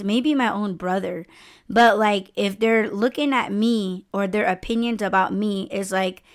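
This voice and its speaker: Chatty, giggly woman around forty. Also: mid-range voice. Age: about 40. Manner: rambling, laughs often, trails off and restarts. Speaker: podcast co-host. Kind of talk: casual chat.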